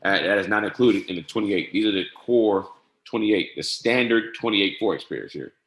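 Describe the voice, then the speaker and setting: A man giving a casual screen-share tutorial on trading software, often saying "all right" and spelling codes out slowly. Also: on the low side. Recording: echoey room.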